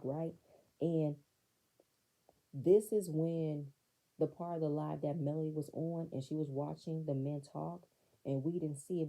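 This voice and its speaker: A woman's voice: sits low, vocal fry, mellow, low-quality recording. A woman recapping a reality show in blunt, sassy, profane commentary. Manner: blunt, sassy, profane, talks back to the screen.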